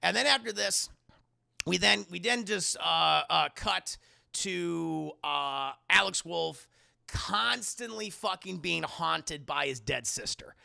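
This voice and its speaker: A man recapping a movie on a live stream in a casual, profane, animated way, acting out the scenes as he goes. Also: high-pitched, takes it slowly, vocal fry, no echo, clean studio sound.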